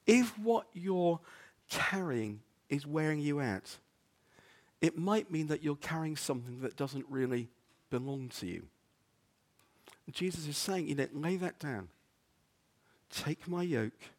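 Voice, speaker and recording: A man preaching a sermon as a pastor, earnest, often repeating words and dropping soft on quotes. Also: high voice. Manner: earnest, stumbles and repeats words, drops to near-whisper on quotes.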